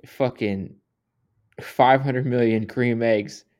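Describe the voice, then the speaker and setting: A man who is a podcast guest, chatting casually, loud and excitable, swearing constantly. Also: medium pitch, slow. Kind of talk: casual chat.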